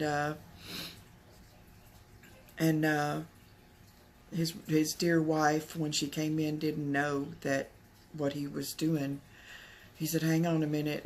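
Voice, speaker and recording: Slow, steady woman storytelling. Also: sits low, a little hiss or hum. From Texas. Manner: rambling, many fillers and restarts. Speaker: vlogger. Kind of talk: casual personal storytelling.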